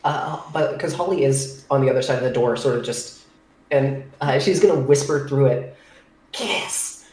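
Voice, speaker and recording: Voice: medium pitch, moderate pace, mellow. A tabletop player talking bluntly and slangily, swearing freely. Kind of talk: casual table chat. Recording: very echoey, distant mic.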